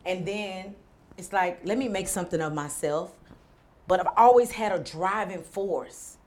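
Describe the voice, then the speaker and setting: Woman interview guest, low-pitched, candid and rambling. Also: a little slow, darkish tone. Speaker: entrepreneur guest.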